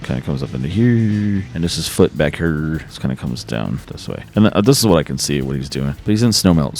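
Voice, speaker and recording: A man's voice: rumbling low, a little mellow, a little hiss or hum. A man casually rambling as he draws on camera, joking and poking fun at himself. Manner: joking, self-deprecating, rambling asides. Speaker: artist drawing on camera. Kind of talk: casual rambling commentary while drawing.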